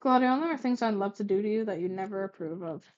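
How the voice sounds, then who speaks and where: A woman reading out the lines of a gentle, caring teenage girl from her fanfic, with small stumbles. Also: medium pitch, lively intonation, fast, muffled recording, close to an everyday voice. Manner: read aloud with stumbles and restarts.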